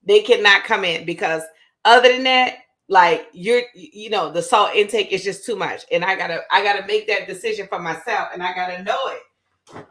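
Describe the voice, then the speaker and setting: A woman with a New Orleans accent chats away to her viewers as she cooks. Her voice is bright and forward, and she sits at a middle pitch. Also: moderate pace. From Louisiana. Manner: chatty, talks straight to viewers. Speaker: show host. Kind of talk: casual cooking chat.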